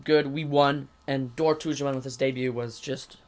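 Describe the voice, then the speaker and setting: A podcast co-host on a casual sports show talks eagerly and ramblingly about a match, like an excited fan. His mid-range voice holds a steady tone at a moderate pace.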